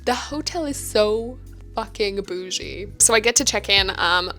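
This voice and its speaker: Chatty young woman, bright voice. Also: mid-range voice, animated, a little slow, soft background music. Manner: chatty, self-mocking, swears freely. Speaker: vlogger. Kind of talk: casual vlog storytelling. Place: hotel room.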